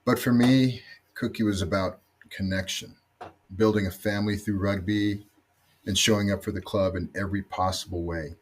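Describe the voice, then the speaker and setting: A man's voice: fairly low pitch, steady tone, moderate pace, husky. A man and former rugby teammate giving a reflective memorial tribute, telling a story and letting his voice drop at the ends of phrases.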